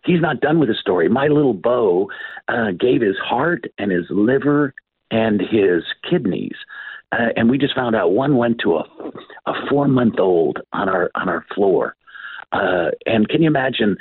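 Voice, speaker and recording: This older male guest, an author, tells stories in an interview at an unhurried pace, voicing the people he describes. His voice is fairly low with a breathy edge and lively intonation; there's no echo, but the audio has a tinny, telephone quality.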